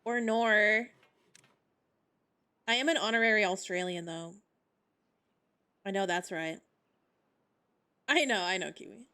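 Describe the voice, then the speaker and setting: A woman's voice: medium pitch, lively intonation, moderate pace, pauses often, bright, forceful tone, clean tone. A young woman from Indiana with a Midwestern accent and a slight Southern lilt, streaming a game and chatting casually with viewers, giggly and playfully dramatic. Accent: Midwestern American with a slight Southern lilt. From Indiana, USA. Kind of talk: casual live-stream chat while gaming.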